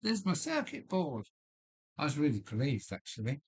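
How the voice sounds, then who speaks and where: A man with a deep voice hosting a casual live stream from his loft, rambling with many fillers and restarts while chatting with viewers. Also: big pitch swings, normal speed, husky. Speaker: livestream host. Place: home loft.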